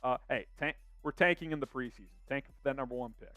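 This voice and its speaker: A man's voice: mid-range voice, fast, pushed and bright, no echo, soft background music. A young man hosting a casual sports live stream, reading out viewer comments in an upbeat way.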